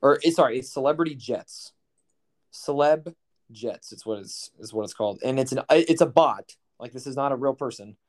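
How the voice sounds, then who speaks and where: A man's voice: mid-range voice, normal speed. A young man co-hosting a podcast, telling stories in a rambling, profane, incredulous way. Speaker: podcast co-host. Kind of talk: casual chat.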